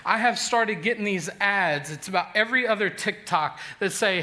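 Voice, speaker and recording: A man in his forties preaching a sermon, telling a funny personal story with lively self-deprecating humor and frequent restarts. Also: sits high, moderate pace, few pauses. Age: 40s. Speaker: pastor.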